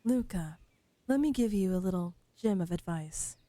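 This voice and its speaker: A woman reading the lines of a grown-up game character who offers a child advice, in a slightly lowered, measured voice. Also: animated, warm tone, no echo, close to an everyday voice. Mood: advising.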